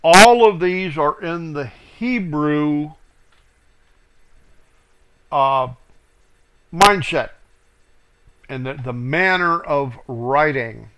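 A man leading a verse-by-verse Bible study in a slow, unhurried voice. He reads each verse aloud with weight, then explains it, pausing on fillers. His voice sits a little high and has a bright edge. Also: animated, smooth. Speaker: Bible teacher. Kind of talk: verse-by-verse scripture teaching.

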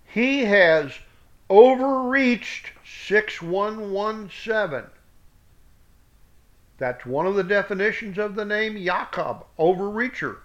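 A man reads scripture word by word, calling out reference numbers and dropping in blunt remarks. His voice is high for a man and his pace is slow and deliberate. The recording sounds dull and lo-fi. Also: fairly bright tone. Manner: slow, deliberate reading with blunt spoken asides. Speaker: Bible teacher.

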